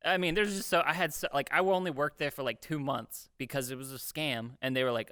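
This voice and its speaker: Young male podcast co-host, animated storyteller, bright clear voice, dry. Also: mid-range voice, fast, few pauses, dry recording. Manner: animated, acts out quotes, swears freely. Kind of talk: casual storytelling.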